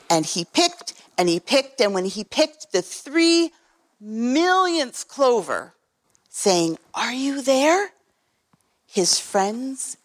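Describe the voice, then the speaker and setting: A woman reading a picture book aloud to children, animated and asking them questions. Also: mid-range voice. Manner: animated, asks the listeners questions.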